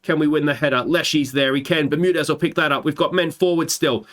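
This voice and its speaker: An Australian man hosting a football management let's play, calling his match like a commentator and swinging into excited shouts at big moments. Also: a little high, a little fast, few pauses. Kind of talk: gameplay commentary.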